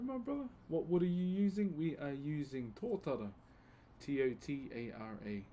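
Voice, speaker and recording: A man's voice: fairly high pitch, a little mellow, a little hiss or hum. A laid-back man from New Zealand with a New Zealand accent, chatting casually with his live-stream viewers while he carves wood and calling them bro.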